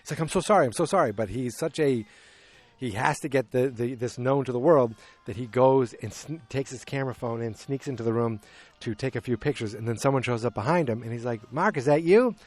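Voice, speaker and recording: A podcast host recapping a film in a loose, rambling way, with many restarts and quoted character lines. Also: male voice, medium pitch, fairly even intonation, brisk, darkish tone, no room sound. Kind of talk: casual movie recap.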